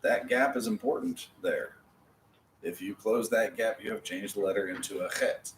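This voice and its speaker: Patient male teacher, low voice, roomy. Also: steady tone, normal speed. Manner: patient, explains step by step. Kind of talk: classroom lesson. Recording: roomy, from a distance, faint noise.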